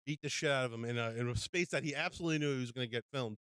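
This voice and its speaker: Bright-voiced laughing man, podcast guest. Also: medium pitch, racing, clear, resonant tone, dry recording. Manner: laughs often, swearing, says bro. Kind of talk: casual podcast chat.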